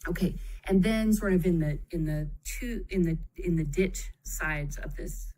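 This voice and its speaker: A woman's voice: on the low side, a little slow, slight background noise, poor audio. A woman teaching about parenting in a live video, talking conversationally, checking in with her listeners and speaking with empathy. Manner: conversational, checks in with frequent "okay?"; warm, empathetic phrasing, calls children "kiddo". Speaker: parenting educator. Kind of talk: live-streamed explanatory talk.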